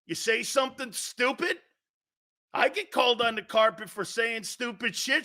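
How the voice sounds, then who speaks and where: A man's voice: extremely high pitch, lively intonation, normal speed, sharp tone. A middle-aged man hosting a sports talk show, ranting bluntly and profanely, repeating his point over and over. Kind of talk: opinionated sports talk rant.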